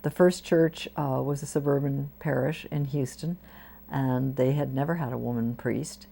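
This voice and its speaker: A low-pitched, gravelly older woman shares stories from her life as a priest. Her tone is dark and mellow, and she drops into lively voices when she quotes the people she met. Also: normal speed. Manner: warm anecdotal storytelling with lively quoted voices. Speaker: Episcopal priest, interviewee. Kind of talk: storytelling interview. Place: community TV studio.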